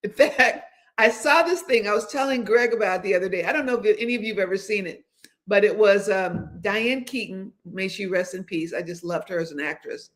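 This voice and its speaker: A woman in her seventies hosts a casual livestream chat, her medium-pitched voice moving briskly. She rambles, frequently restarting and hesitating.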